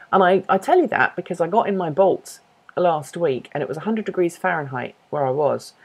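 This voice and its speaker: This livestream host from Norfolk, England has a mid-range, slightly breathy voice and an accent blending British and American English. They chat casually, answering viewer questions, thinking aloud and correcting themself as they go.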